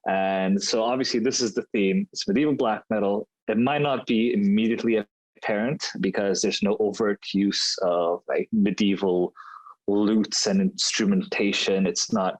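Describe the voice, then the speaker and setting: A man's voice: lowish voice, no room sound, rough recording. A man co-hosting a podcast, chatting casually and rambling through his reviews with frequent restarts. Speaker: podcast co-host.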